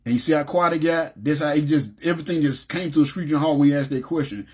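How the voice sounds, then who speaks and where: A man with a somewhat high, husky voice tells his personal testimony. He speaks in an emotional, halting way, restarting sentences and choking up with tears at times.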